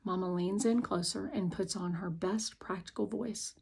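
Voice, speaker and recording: A woman's voice: fairly low pitch, flat delivery, moderate pace, gravelly, few pauses, a little mellow, slightly rough. A woman reading an audiobook aloud in the first person, speaking as a young girl telling her own story. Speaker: audiobook narrator.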